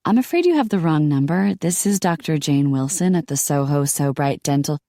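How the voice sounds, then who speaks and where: A woman's voice: sits low, lively intonation, moderate pace, mellow, no room sound, studio quality. A woman narrator voicing a panicked young woman dentist in hiding, in frantic, breathless outbursts. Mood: polite. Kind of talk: audiobook character voice.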